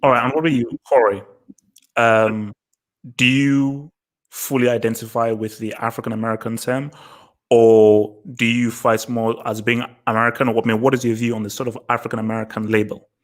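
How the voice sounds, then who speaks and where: A man's voice: mid-range voice, flat delivery, fairly quick. A man hosting a casual panel discussion, putting questions to the guests. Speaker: host.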